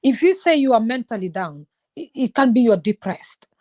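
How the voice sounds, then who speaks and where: Casting: woman, 30s, casual chat, lively and talkative, voice a touch high. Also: normal speed. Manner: animated, switches into Wolof phrases. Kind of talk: casual conversation.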